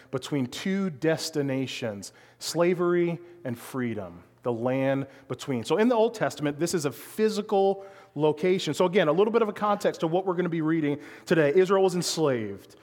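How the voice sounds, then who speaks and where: A man's voice: on the high side, darkish tone, big-room sound. A man giving a sermon as a pastor, speaking conversationally and asking his listeners frequent rhetorical questions.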